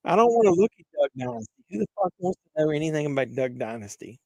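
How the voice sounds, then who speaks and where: Male stream host, raunchy banter, laughs at his own gags, a bit high-pitched, dry room. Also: big pitch swings, fast, creaky, darkish tone, dry recording. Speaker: livestream host. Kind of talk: crude joking chat with live viewers.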